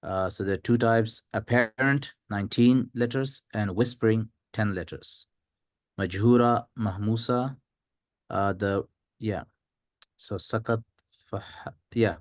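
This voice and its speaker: A man reading a textbook aloud in class, halting over unfamiliar terms. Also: on the low side, dry recording, studio quality. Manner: reads lists haltingly, unsure of terms.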